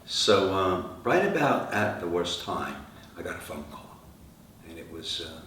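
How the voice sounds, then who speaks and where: A middle-aged man, a rock singer, telling lively stories in an interview and acting out the voices of the people in them. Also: low-pitched, measured pace. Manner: animated anecdotes, acting out quoted dialogue. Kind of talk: storytelling interview answers. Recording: echoey room, from far off, faint noise.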